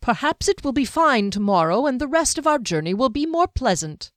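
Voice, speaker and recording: A woman voicing a smug, formal male mage who speaks in precise, measured phrases with a faint tease. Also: extremely high pitch, sing-song, fairly bright tone, no room sound, studio quality, voice pushed up, full character voice.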